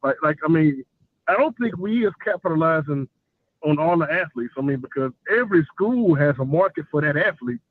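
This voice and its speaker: A man's voice: a little high, expressive, a little fast, no room sound. A male caller chatting loosely and jokingly on a call-in show, full of filler phrases. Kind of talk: casual call-in chat. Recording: tinny dry phone line.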